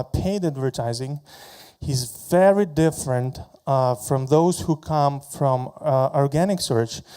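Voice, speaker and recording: A man giving a conference talk about his product, halting often and repeating words as he walks through slides. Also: on the high side, warm tone, clean tone.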